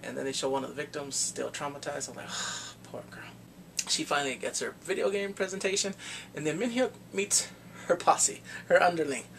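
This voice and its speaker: A man casually recapping a TV drama, animated and laughing often as he acts out lines. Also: fairly high pitch, fairly quick, gravelly, slight background noise. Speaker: drama review vlogger.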